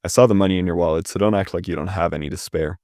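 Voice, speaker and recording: Casting: a man voicing a deep-voiced broke young guy, pushy and defensive, read straight. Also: rapid-fire, darkish tone, no echo, clean studio sound, natural voice.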